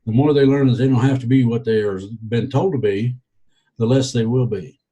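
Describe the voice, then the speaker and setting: Mellow, husky man, rambling slowly. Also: mid-range voice, steady tone, low-quality recording. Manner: rambling, hesitant, full of fillers. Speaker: guest. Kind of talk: casual podcast chat.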